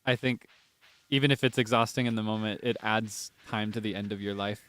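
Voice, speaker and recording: A man's voice: lowish voice, steady tone, fairly quick, fairly bright tone, a little hiss or hum. A man casually chatting to his viewers while streaming a game, talking straight to them and breathless from laughing fits. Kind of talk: casual gameplay stream chat.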